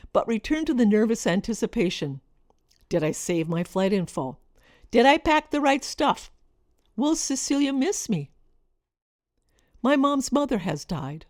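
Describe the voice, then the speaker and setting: A woman's voice: mid-range voice, no echo, clean studio sound. Reflective woman narrating her memoir. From Minnesota. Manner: reflective, expressive, lingering over list words. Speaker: author narrating her own story. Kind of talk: personal storytelling narration.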